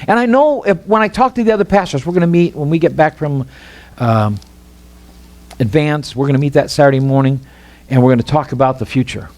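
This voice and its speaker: A middle-aged man with a Midwestern American accent, preaching a sermon in an animated, rambling way with many restarts. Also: a little high, brisk. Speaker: pastor.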